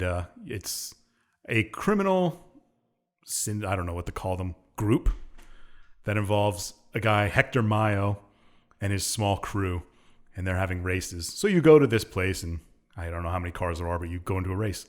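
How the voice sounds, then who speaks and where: A man co-hosting a podcast, casually recapping a video game's story in a rambling, hesitant way with many pauses and fillers. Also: deep voice, big pitch swings. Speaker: podcast co-host. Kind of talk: casual chat recapping a game plot.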